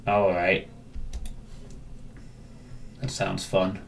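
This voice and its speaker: A man's voice: sits low, little pitch movement, drawn-out words, creaky, slight background noise. A man chatting casually on a live stream, rambling and answering viewers, often restarting his sentences.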